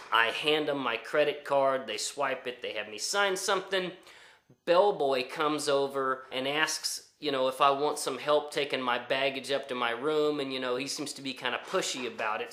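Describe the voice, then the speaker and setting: A man's voice: medium pitch, bright, forceful tone, roomy sound. A man telling a story in a casual, rambling way, full of fillers and restarts. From United States. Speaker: storyteller vlogger.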